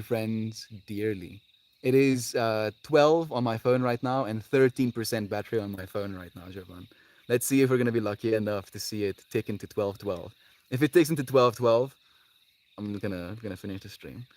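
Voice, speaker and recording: A man streaming live to his viewers, talking in a dreamy, heartfelt way with laughs and sighs, long pauses and phrases that trail off quietly. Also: on the low side. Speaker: livestreamer. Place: outdoors with birds audible.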